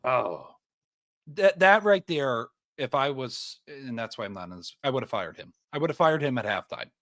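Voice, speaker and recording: A man's voice: medium pitch, lively intonation, moderate pace, a bit bright. A young man co-hosting a sports podcast, ranting heatedly and swearing often in casual chat. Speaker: podcast co-host.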